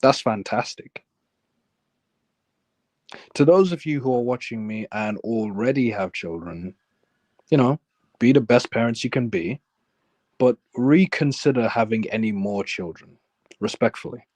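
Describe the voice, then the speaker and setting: A man from London hosting a live stream, reading viewers' chat messages aloud and answering them in a calm, casual way. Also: unhurried, long pauses, no echo. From London, England. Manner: calm, low-key, reads chat aloud.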